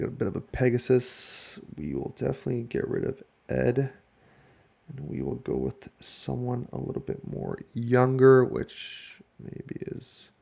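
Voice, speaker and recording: A man giving casual let's-play commentary on a football management game, joking to himself and shouting when his team scores. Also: mid-range voice, vocal fry, husky. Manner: excitable, jokes to himself, shouts at goals. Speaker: video game player.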